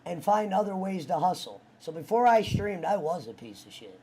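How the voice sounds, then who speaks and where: Animated man swapping stories on a stream. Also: sits high, normal speed. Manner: animated storyteller, swears freely. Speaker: streamer host. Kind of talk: casual group chat.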